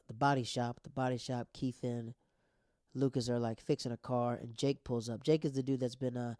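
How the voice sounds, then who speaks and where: A young man hosting a casual TV recap show, excitedly retelling scenes with quoted lines and playful sound effects. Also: medium pitch, no echo, studio quality.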